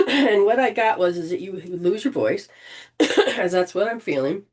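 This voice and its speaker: A woman leading an informal spiritual healing session, gently coaching and often restarting her sentences. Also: medium pitch, lively intonation, a little slow. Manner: rambling, with frequent restarts and throat clearing.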